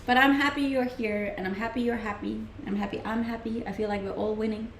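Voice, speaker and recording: Streaming from home, this young woman from Denmark answers her viewers' questions in a casual, laugh-filled way, her Danish accent clear. She talks a bit fast with fairly even intonation, her voice on the high side. Background noise comes through the roomy home mic.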